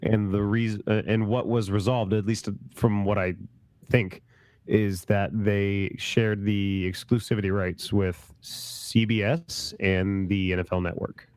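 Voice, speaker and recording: A man's voice: lowish voice, flat delivery, unhurried, a little mellow, no room sound. Man explaining sports at length. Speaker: podcast co-host. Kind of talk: casual sports chat.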